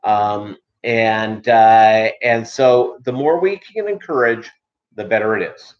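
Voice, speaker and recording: A man's voice: on the low side, takes it slowly, lo-fi sound. A man from Minnesota hosting a casual livestream chat, rambling with many filler ums and uhs. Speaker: livestream host.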